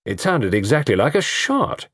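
A man voicing a calm, wry man of thirty-five in a storybook reading. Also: medium pitch, normal speed, slightly rough, no echo, clean studio sound, voice pushed up, exaggerated voice.

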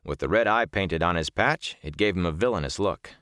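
A man narrating a fantasy audiobook in a measured, steady storytelling manner. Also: deep voice, dry recording, studio quality.

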